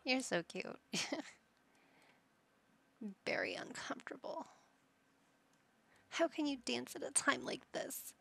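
A woman's voice: sits high, very animated, takes it slowly, gravelly, long pauses, a bit bright, husky. A woman giving casual commentary over her life-simulation gameplay, chatting to her game characters as she plays. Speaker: gameplay channel host.

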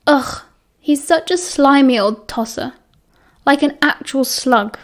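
A woman's voice: high voice, takes it slowly. A woman voicing a moody, dramatic teenage boy who drawls sulkily, in a British accent. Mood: sulky.

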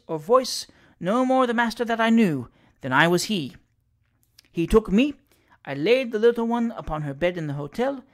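A reader narrating a classic ghost story aloud in a measured storytelling manner. The voice sits in a middle range. The delivery is steady and unhurried. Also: medium pitch. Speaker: audiobook reader. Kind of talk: classic fiction read aloud.

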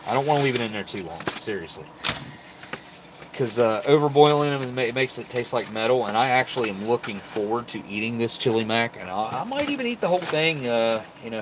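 A man's voice: on the low side, noisy background. A man vlogging casually at a table at home, a bit tipsy from beer, rambling and thinking aloud as he unpacks food. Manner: rambling, relaxed, thinking aloud with many fillers. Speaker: MRE review vlogger. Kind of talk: casual solo chat to camera while unpacking food.

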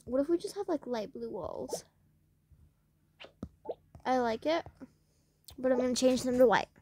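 A woman's voice: high voice, animated, unhurried, background noise. A young woman giving casual, rambling commentary while playing a game, talking to the game and her viewers. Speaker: gameplay vlogger.

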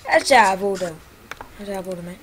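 A woman giving jokey, excitable commentary as she plays a video game, often breaking into exclamations. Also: medium pitch, quick pace, low-quality recording. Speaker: gaming YouTuber. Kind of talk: gameplay commentary.

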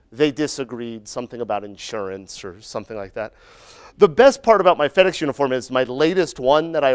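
A middle-aged man speaks at a conference in a slightly higher register than most men. His delivery is loose and conversational, full of jokes and asides. He keeps checking in with the room with a quick "right?". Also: clean tone. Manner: joking, conversational, often adds "right?". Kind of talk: humorous conference talk.

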